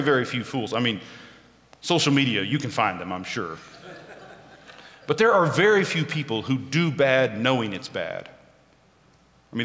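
A man's voice: mid-range voice, a bit bright, big-room sound. A man preaching a sermon, telling a personal story with self-deprecating humor.

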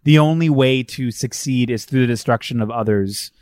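A man's voice: mid-range voice, moderate pace, a little mellow, no echo, clean studio sound. Thoughtful, analytical podcast man. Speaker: podcast co-host. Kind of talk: casual film discussion.

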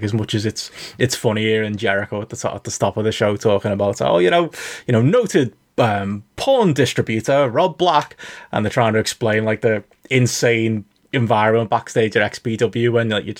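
A man's voice: lowish voice, flat delivery, brisk, hardly any pauses. A man from the UK hosting a podcast in casual chat, wry, often laughing and swearing. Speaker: podcast host.

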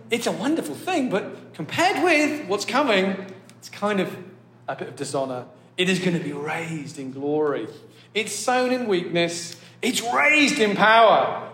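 Man, preaching a sermon, light high voice, casual and self-deprecating, reverberant hall. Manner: chatty, self-deprecating, animated when excited. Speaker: pastor. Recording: echoey hall.

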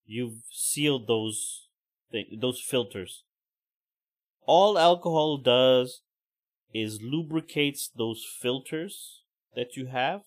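A man's voice: medium pitch, fairly bright tone. A man hosting a podcast, giving profane, heated, mocking commentary. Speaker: podcast host. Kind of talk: ranting commentary.

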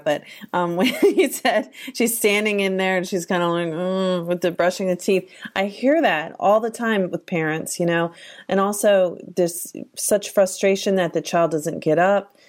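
A woman's voice: medium pitch, normal speed. A woman hosting a podcast interview, relating her guest's points to what she sees in her own work and then asking questions. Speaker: podcast host.

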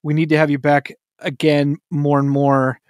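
A man hosting a casual sports podcast, upbeat and quick to laugh. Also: a little high, level tone, darkish tone, smooth, dry recording, clean studio sound. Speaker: podcast host.

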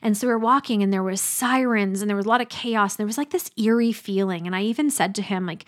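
A middle-aged woman giving a motivational talk, earnest and emphatic, slowing down for dramatic pauses. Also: medium pitch. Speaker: speaker.

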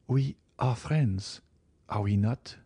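A man's voice: medium pitch, slow, mellow, husky, no echo. A man voicing a sorrowful, pleading French countess with a tremulous, plaintive voice in an audiobook reading. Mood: sad, pleading.

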